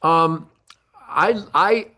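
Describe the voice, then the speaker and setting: Animated older man telling a hunting story. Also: on the high side, very slow. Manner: emphatic, repeats words, acts out his own shouts. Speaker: podcast guest.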